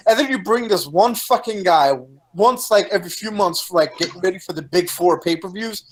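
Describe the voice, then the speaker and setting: A man co-hosting a casual wrestling chat over a video call, talking in a profane, excitable way and laughing often. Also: high voice, normal speed, low-quality recording. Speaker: co-host of a wrestling chat show.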